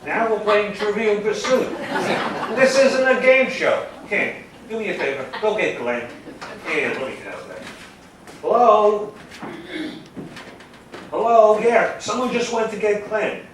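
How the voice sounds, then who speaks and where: A man's voice: sits high, slow pace, pauses often, a bit bright, slight background noise. An actor playing a flustered man fielding phone calls at a dinner party, exasperated and trying to keep order in a live stage comedy. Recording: echoey stage sound from a distant mic. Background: audience laughter.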